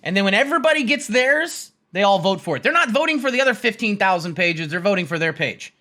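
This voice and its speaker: Stock streamer guy ranting, high and bright, swears a lot. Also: animated, fast. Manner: blunt, swearing, repeats himself. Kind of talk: casual rant.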